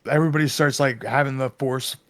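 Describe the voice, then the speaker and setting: A man's voice: medium pitch, fairly even intonation, quick pace, a bit bright. A man co-hosting a casual chat, chiming in with extra plot details. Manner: chimes in to add plot details. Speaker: co-host. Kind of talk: casual chat about a novel.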